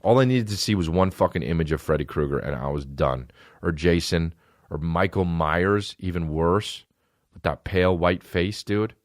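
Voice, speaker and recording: A man's voice: low-pitched, normal speed, no echo, clean studio sound. A man hosting a podcast, telling rambling, profane childhood stories in a casual comedic monologue. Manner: rambling, profane, animated storytelling. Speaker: podcast host.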